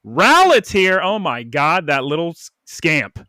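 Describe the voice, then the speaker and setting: A man's voice: on the high side, big pitch swings, a little slow, pushed and bright, no room sound, studio quality. A man co-hosting a podcast, recapping an episode in casual chat and slipping into little character voices. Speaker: podcast co-host.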